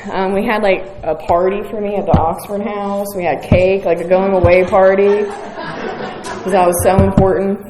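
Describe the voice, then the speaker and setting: A woman's voice: medium pitch, steady tone, normal speed, over music. A woman, telling her recovery story to a meeting in a frank, profane, self-mocking way. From West Virginia. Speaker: speaker sharing at a recovery meeting. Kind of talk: candid recovery share. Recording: roomy hall with faint audience.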